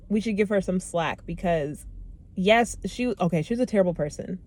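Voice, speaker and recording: A woman's voice: on the low side, moderate pace. Chatty exasperated young woman book vlogger. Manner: animated, exasperated, chatty with many fillers. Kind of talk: casual book review vlog.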